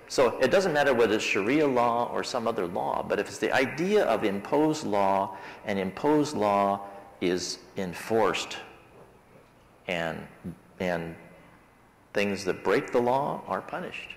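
A man leading a Sabbath School Bible class in casual, conversational talk with his group. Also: medium pitch. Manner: conversational, talks things through with the class. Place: church classroom. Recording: reverberant church hall.

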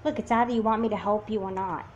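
A woman's voice: medium pitch, steady tone, fast, a little mellow, dull audio, a little hiss or hum, lightly acted. A woman voicing a confident, self-assured teenage twin sister who takes charge in an amateur doll movie. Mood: determined. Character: confident, bossy teen twin sister with a plan.

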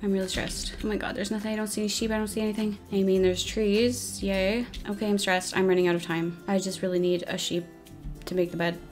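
Young female gaming YouTuber, casual commentary, mid-pitched, self-deprecating, stressed by the timer; light music in the background. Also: little pitch movement, fast talker, darkish tone. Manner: chatty, self-mocking, flustered under time pressure.

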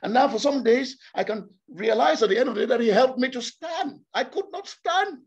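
Man, preacher, sermon, high voice, impassioned, repeats words, dull lo-fi sound. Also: a little fast, creaky, darkish tone.

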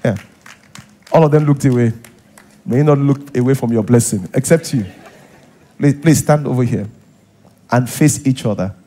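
A Nigerian-accented pastor preaches a sermon in a church hall, his medium-pitched voice dark in tone and moving at a moderate pace with long pauses. He acts out little scenes and repeats points for emphasis.

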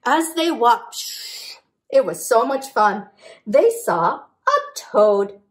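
A woman leading a children's storytime as librarian, reading a picture book and rhymes in an animated, sing-song manner with animal sounds and questions to the kids. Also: high-pitched, takes it slowly.

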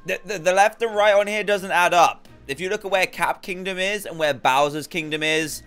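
A man giving casual let's play commentary as a gaming YouTuber, excitable, often bursting into high laughs and talking to his viewers. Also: moderate pace, clear, resonant tone, faint music behind.

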